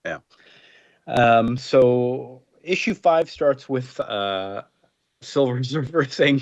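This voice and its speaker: A man's voice: mid-range voice, takes it slowly, dry recording. Male podcast co-host, casual recapper, dry muffled sound. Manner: recaps plot with many fillers. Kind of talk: casual comics discussion.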